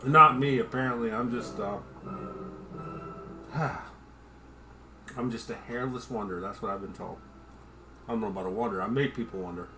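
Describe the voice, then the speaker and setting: On a home livestream, a man with a medium-pitched, steady voice rambles casually while drinking, at a moderate pace with frequent pauses over a noisy background. He swears freely, makes jokes at his own expense, and chats to his dog.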